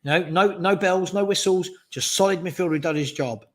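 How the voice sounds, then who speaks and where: A man's voice: high voice, a little fast. A man hosting a live fan stream, chatting casually and giving strong opinions while reading out viewer questions. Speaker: fan channel host.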